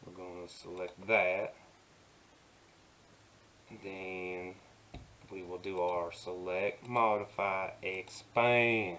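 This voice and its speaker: A man teaching digital painting in an easygoing, soft-spoken way, talking himself through each step in a put-on folksy drawl. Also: low-pitched, little pitch movement, drawn-out words, pauses often, slight background noise. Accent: put-on folksy drawl while working. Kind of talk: relaxed screen-recorded painting tutorial.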